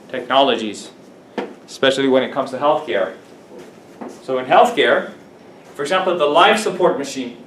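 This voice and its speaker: A man's voice: medium pitch, a bit bright. A man teaching an English vocabulary lesson to a class, explaining words, repeating them and checking that students follow. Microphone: camera at a distance. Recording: echoey classroom from far off with faint hiss.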